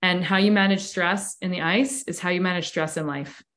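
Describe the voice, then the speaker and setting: A woman's voice: fairly low pitch, normal speed, fairly bright tone. Woman, breathwork coach, casual interview, enthusiastic, flowing run-on explanations. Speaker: breathwork and cold exposure coach.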